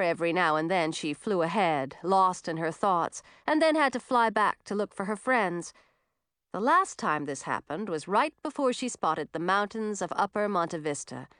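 A woman reading a storybook aloud, her voice rising and falling in a lively, expressive way. The recording is dry and close, with no room sound. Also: mid-range voice, clear, resonant tone, dry recording. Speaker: narrator. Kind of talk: storybook narration.

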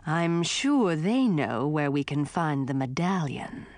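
A stern ghostly old king speaks in a storybook with slow, solemn, menacing weight. A woman reader puts him on, dropping a little lower and slowing right down. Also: very animated, a little mellow, dry recording, exaggerated voice.

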